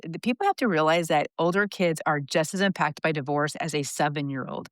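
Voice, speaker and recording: Low-voiced earnest woman in her fifties. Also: a little fast, no room sound. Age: 50s. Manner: earnest, confessional, animated retelling. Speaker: podcast guest. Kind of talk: candid personal storytelling.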